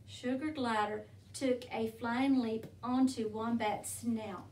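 Woman storyteller, picture-book read-aloud, slow and gentle, mic set back in a roomy space. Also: a little high, steady tone. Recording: roomy, from a distance.

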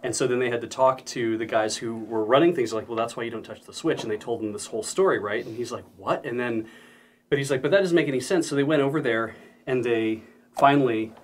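A man's voice: medium pitch, quick pace, slight background noise. A man telling a casual anecdote on a stream and quoting the people in it. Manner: storytelling, quotes people in the story.

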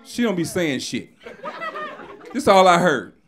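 A man doing a loud, crude stand-up comedy set on a club stage, shouting many punchlines. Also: sits high, big pitch swings, a little slow. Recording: live stage recording with crowd. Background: audience laughing.

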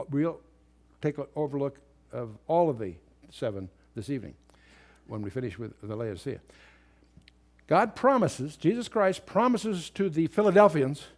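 Male Bible teacher, slightly high voice, emphatic lecture delivery. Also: a little mellow. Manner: explanatory, emphatic on key words, some restarts. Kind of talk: lecture-style Bible study.

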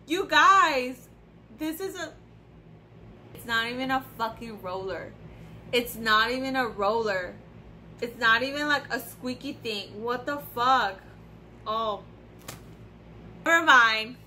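A woman's voice: a little high, slow, pauses often, a little hiss or hum. Foul-mouthed ranting young woman vlogger. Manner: profane, blunt, animated ranting. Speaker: beauty vlogger. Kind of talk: casual unboxing vlog.

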